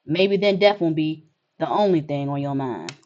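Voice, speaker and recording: An upbeat, relentlessly hopeful man, as a woman reads his part, offers reassurance in a lively, animated voice. The sound is a bit dull and lo-fi. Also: sits low, moderate pace, voice pushed down. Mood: cheerful.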